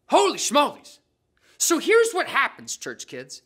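Kids' church storyteller, woman, high and bouncy, bright and playful. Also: huge pitch swings, a little slow. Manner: playful, dramatic, slangy. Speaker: children's ministry leader. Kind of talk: animated Bible storytelling for kids.

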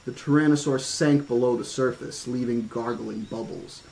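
A man's voice: medium pitch, fairly even intonation, moderate pace, gravelly, a little mellow, slight background noise, low-quality recording. A man reading a horror-themed novel aloud, stopping now and then for casual asides and restarts. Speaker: audiobook reader.

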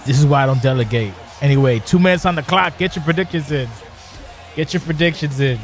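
A man hosting a live stream and calling a wrestling video game match play by play, animated and jokey, shouting at the big moves. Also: medium pitch, fairly quick, long pauses, soft background music. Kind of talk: excitable play-by-play game commentary.

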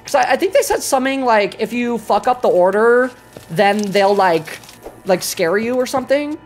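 Lively, foul-mouthed woman streamer. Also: a little high, normal speed, faint music behind. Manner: excitable, swears a lot, talks to chat; shifts to loud exclamations when flustered. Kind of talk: live gameplay commentary.

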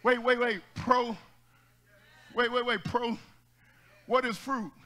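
A pastor preaching to his congregation in a very high, ringing voice. He talks to the room in call-and-response style, builds into shouts, and drops in jokes, with a bright, forceful edge. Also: flat delivery, takes it slowly. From United States. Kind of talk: energetic Black church sermon. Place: church sanctuary with congregation.

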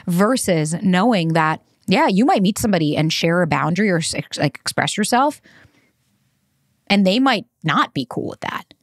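A woman's voice: lowish voice, animated, moderate pace, no echo, clean studio sound. A woman hosting a podcast, talking in a candid, conversational way in a casual monologue. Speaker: podcast host.

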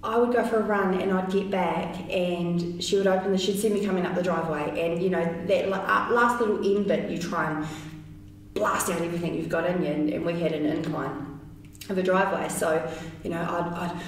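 A woman shares her story in a lively, rambling way, full of "you know" and bursts of laughter. She sounds a little far from the mic, and the room around her is very echoey, with a faint hiss underneath. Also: lowish voice, a little fast. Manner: chatty, animated, many fillers and laughs. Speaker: interview guest. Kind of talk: casual storytelling interview.

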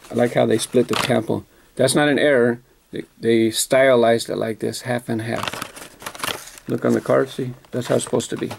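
Gravelly-voiced man chatting about collectibles. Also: mid-range voice. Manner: chatty, self-correcting, enthusiastic about details. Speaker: toy car collector vlogger. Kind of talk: casual unboxing commentary.

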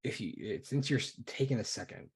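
A man narrating as game master for a tabletop game, halting and often repeating words. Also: mid-range voice, animated, slightly rough.

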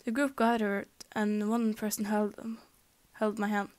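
A woman's voice: medium pitch, flat delivery, unhurried, a little mellow. A young woman reading a fanfic aloud in a casual, amateur way, stumbling and restarting, sometimes slipping into a whisper. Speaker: fanfic reader.

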